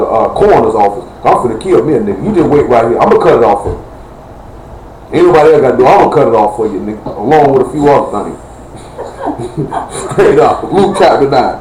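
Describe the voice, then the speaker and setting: Preaching at a quick pace in an expressive, slightly high voice with a darkish tone, this man gives a fiery live-streamed sermon that's blunt, heated and rambling in everyday language. Faint noise and echo come from the room.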